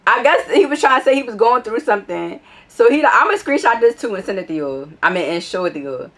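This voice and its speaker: A woman vlogger telling a casual story in a blunt, profane, animated way. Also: fairly high pitch, a little fast.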